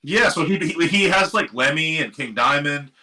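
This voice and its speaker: A middle-aged man from Seattle, a guest musician telling a long story in a casual, animated interview, swearing now and then and acting out what other people said. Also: a little high, moderate pace, poor audio. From Seattle area. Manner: animated, swearing, quotes others in lively voices. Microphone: live stream microphone.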